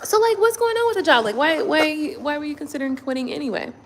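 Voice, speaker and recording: Profane, animated woman chatting with viewers. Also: high-pitched, fast, in a large hall, a little hiss or hum. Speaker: tarot reader. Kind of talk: casual chat with live viewers. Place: indoors at home at night.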